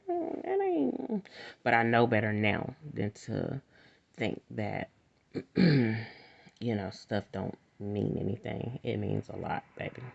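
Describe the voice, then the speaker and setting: Gravelly woman in a rambling, frank monologue. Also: a bass voice. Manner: rambling, frank, laughs often. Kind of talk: casual monologue. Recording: dull lo-fi recording.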